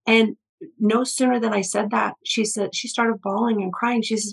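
A woman's voice: mid-range voice, level tone, moderate pace, gravelly, slightly rough, rough recording. A woman guest, an energy healer, telling stories in an earnest, flowing way, with frequent restarts and fillers. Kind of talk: conversational storytelling interview.

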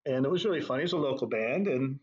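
Middle-aged man, husky voice, easygoing storyteller, dull lo-fi sound. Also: mid-range voice, very fast. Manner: relaxed anecdotal, laughs at own stories. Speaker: drum corps tour director. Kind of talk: conversational interview storytelling.

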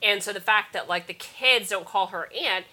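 A woman's voice: mid-range voice, moderate pace, bright, forceful tone. A woman hosting a podcast, chatting casually, laughing often and acting out little quotes. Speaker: podcast host. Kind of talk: casual chat.

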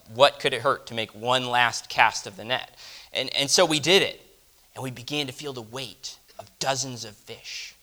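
A man delivering a first-person dramatic monologue, reflective and often dropping to a hush. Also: medium pitch, fairly even intonation, normal speed. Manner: reflective, dropping to hushed tones. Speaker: storyteller.

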